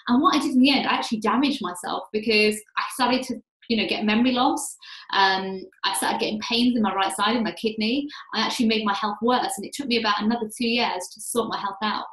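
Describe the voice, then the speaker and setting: A woman's voice: a little high, quick pace, fairly bright tone. British-born woman, roomy echo. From Britain. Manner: earnest, reflective, with frequent "like" and "you know". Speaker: guest, life coach. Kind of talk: podcast interview conversation.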